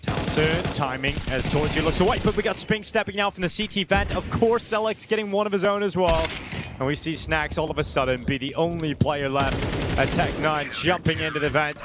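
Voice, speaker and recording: A man casting play-by-play commentary on an esports match, fast and excitable. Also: fairly high pitch. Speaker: esports caster. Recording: noisy broadcast mix with gunfire. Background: game gunfire and clicks.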